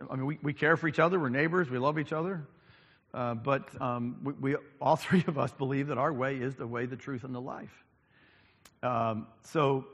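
A man's voice: medium pitch, fairly bright tone. A man preaching a sermon as pastor, with frequent ums and lines repeated for emphasis. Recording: long reverb of a large hall.

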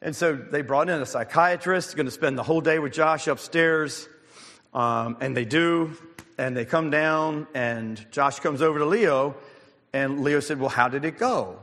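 A man preaching a sermon as a pastor, telling stories with fillers, restarts and an occasional clearing of the throat. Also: a little high, measured pace, a bit bright, long reverb tail.

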